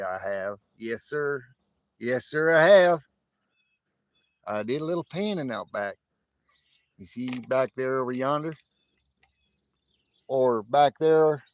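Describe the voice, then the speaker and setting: A man puts on a boastful West Texas coin stacker with a thick drawl, pitched noticeably higher than his own voice and delivered much louder. The speech drawls slowly and with a folksy swagger, leaning on words to point at things. The sound is close and dry, with no room around it. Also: no room sound. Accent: put-on West Texas drawl. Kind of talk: livestream impression.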